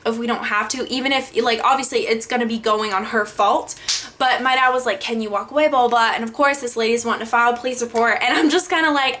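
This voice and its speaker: A young woman telling a storytime vlog, animated, cursing often and filling her talk with "like". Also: fairly high pitch. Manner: animated, frequent swearing, many filler likes. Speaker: vlogger.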